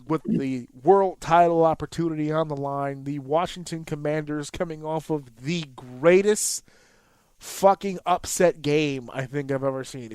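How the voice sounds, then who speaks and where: A man's voice: fairly high pitch, clear, resonant tone, no echo. A man co-hosting a podcast, telling a casual, profane story and acting out his own reactions. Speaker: podcast co-host. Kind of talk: casual chat.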